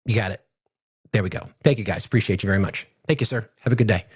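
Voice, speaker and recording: A man's voice: fairly low pitch, fast talker, slightly rough, dull audio. A man hosting a political livestream, ranting angrily and profanely, often repeating himself as he thanks viewers. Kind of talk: angry political rant on a livestream.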